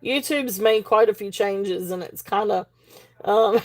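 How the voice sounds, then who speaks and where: A woman's voice: medium pitch, moderate pace, darkish tone. A woman hosting a live-stream jewelry auction in a chatty, rambling way, full of fillers and restarts as she reads the chat aloud. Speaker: livestream auction host.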